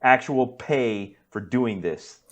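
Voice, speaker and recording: A man co-hosting a podcast in casual chat, easygoing and quick to laugh. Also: medium pitch. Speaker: podcast co-host.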